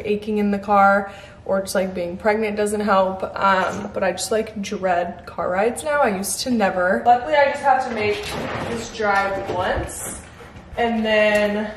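A woman vlogging at home in casual chat to camera, talking loosely with lots of "like" and "um" fillers. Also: mid-range voice. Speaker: lifestyle vlogger. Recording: echoey room, faint noise.

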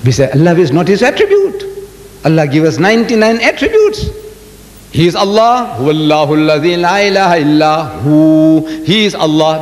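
Older man lecturing in an echoey hall. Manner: animated storytelling with rhetorical questions. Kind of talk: religious lecture to an audience. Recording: echoey hall with faint rumble.

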